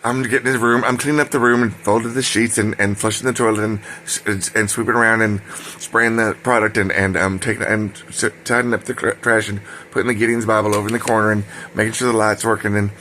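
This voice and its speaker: A man's voice: on the low side, level tone, fast, pushed and bright, a little hiss or hum. An older man telling a rambling personal story, wandering off on side tracks with many ums and self-corrections.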